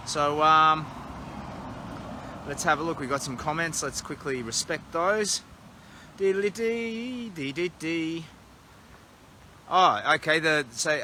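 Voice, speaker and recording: A man's voice: fairly high pitch, pushed and bright, slight background noise. A man with an Australian accent chatting casually and rambling on a livestream, filmed outdoors at night on a phone held at arm's length. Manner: rambling, chatty, self-deprecating. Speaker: charity walker livestreaming. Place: outdoors at a roadside motel at night.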